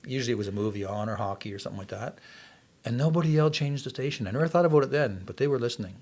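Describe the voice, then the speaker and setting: A man's voice: mid-range voice, expressive, racing, darkish tone. A man in his sixties from Canada, earnestly telling his life story as a podcast guest. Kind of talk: testimony in casual interview.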